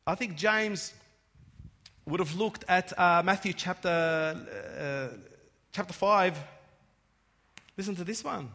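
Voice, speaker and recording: Guy preaching a sermon, bright ringing voice, big church reverb. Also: sits high, takes it slowly, pauses often. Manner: emphatic, rising to loud peaks, restarts words. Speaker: pastor. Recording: long hall reverb.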